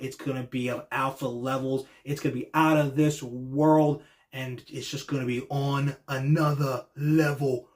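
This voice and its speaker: A young man giving casual wrestling reaction commentary, excitable and slangy, swearing freely and acting out wrestlers' pleas in a much higher voice. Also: measured pace.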